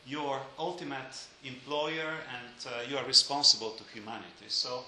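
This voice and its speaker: Bright-voiced man lecturing in an echoey room. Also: medium pitch, normal speed, a little hiss or hum. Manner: hesitant with many fillers, dry joking asides.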